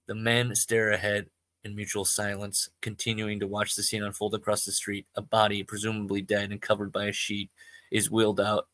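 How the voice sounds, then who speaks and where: A man's voice: lowish voice, monotone, normal speed, fairly bright tone, dry recording. A man hosting a podcast who reads a story aloud and keeps breaking off to mock it and himself. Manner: self-deprecating, laughs at himself. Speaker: podcast host. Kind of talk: rambling comedic reading.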